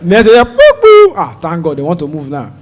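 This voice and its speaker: A man's voice: on the high side, moderate pace, long reverb tail. A man with a Nigerian accent, telling a stand-up comedy story on stage and acting out the voices in it. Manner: animated, shouts and mimics voices while telling the story.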